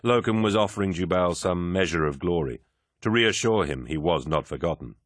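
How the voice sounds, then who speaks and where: Audiobook narrator: a man with a very low voice, even delivery, dry studio sound. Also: fairly quick, dry recording. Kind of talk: scripted narration.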